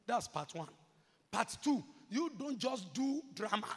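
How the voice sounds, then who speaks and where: A man preaching a sermon as pastor, moving from murmured asides to shouted, repeated chants. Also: very high-pitched, very animated, a little slow, husky. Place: large church hall. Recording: reverberant church hall.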